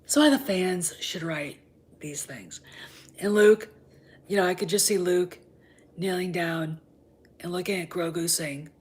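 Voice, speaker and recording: Brief: female fan-show host, casual rambling chat, husky and low, hushed asides. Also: steady tone, measured pace, long pauses. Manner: rambling, often drops into whispers.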